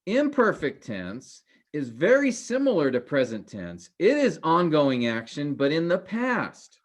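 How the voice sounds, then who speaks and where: This classroom lecture comes from a man with a fairly high, wildly swooping voice. He halts with many fillers and restarts, and his phrases trail off quieter at the ends.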